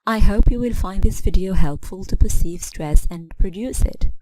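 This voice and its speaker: A woman's voice: mid-range voice, normal speed, warm tone, dry recording, low-quality recording. A woman narrating a scripted English lesson, spelling out suffixes letter by letter and reading example words one at a time. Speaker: English teacher.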